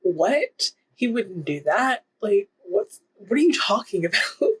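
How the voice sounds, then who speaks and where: A woman voicing a flustered, decent young man while retelling a romance novel, in her own breathy voice. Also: mid-range voice, big pitch swings, slow pace, heavily acted, poor audio. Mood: protesting.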